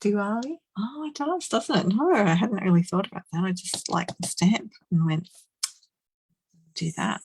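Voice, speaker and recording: A woman's voice: medium pitch, normal speed, hardly any pauses, darkish tone, slightly rough, dry recording, rough recording. A woman doing a live card-making demonstration, chatting and laughing as she works and murmuring to herself. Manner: chatty, giggly, murmurs to herself while working.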